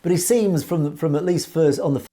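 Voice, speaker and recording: Mellow-voiced man giving political commentary. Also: fairly high pitch, moderate pace. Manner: articulate, earnest, lightly hesitant. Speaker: online news commentator.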